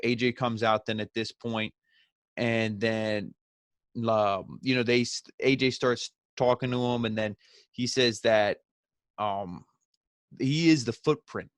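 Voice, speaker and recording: A man talks through a wrestling episode in a loose, sarcastic rant and keeps slipping into mocking asides. His voice sits at an ordinary middle pitch. The sound is dry and close, with no room around it. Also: steady tone, no room sound. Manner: sarcastic, ranting, mimics wrestlers in quick asides. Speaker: wrestling review host. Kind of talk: casual recap commentary.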